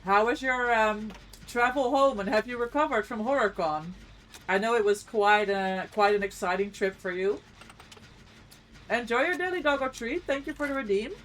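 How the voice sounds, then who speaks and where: A woman's voice: on the high side, normal speed, fairly bright tone, a little hiss or hum. A woman streamer chatting casually with viewers while gaming, reacting to the play and greeting chat, eating as she talks.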